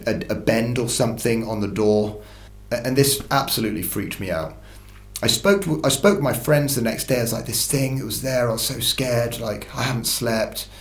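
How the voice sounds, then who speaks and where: In a reverberant space, a man with a mid-range voice rambles through a first-person encounter story on his channel, restarting often and swearing freely in a casual way.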